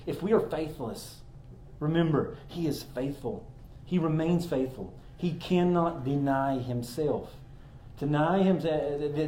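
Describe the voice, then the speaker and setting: A man's voice: a little high, darkish tone, reverberant. A man giving an earnest sermon, explaining a word closely with many ums and restarts. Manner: earnest, explanatory, with frequent ums and repeated words. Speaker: pastor.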